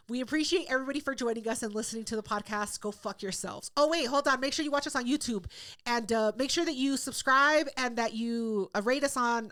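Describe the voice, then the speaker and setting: Woman, podcast co-host, high voice, bright tone, blunt profane teasing. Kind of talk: casual banter.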